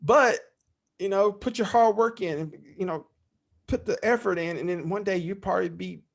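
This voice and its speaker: A man being interviewed as a fellow podcast host, telling stories in a rambling, animated way. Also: high-pitched, moderate pace, creaky. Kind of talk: casual interview storytelling.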